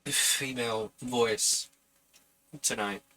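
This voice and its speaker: A man reads an old novel aloud for a live stream audience, earnest in the text and breezy in his self-deprecating asides. His voice is very bright and edgy, at a mid pitch for a man. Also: fairly even intonation, extremely slow, poor audio. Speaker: audiobook reader and streamer.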